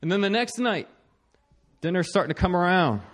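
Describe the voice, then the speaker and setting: A young man with a slightly higher voice tells a personal story about married life. He pokes fun at himself, stumbles over his words and restarts a lot, and keeps the telling lively. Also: fairly quick. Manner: animated, self-mocking, many restarts and laughs. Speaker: speaker sharing a marriage story.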